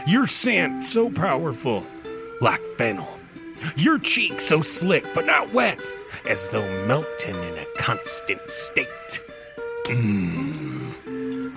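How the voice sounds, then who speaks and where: Brief: gravelly, fawning old papa, slow and drawn out, music behind. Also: male voice, fairly low pitch, exaggerated voice. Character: creepy doting old man claiming a boy. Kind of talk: comedy audio drama acting.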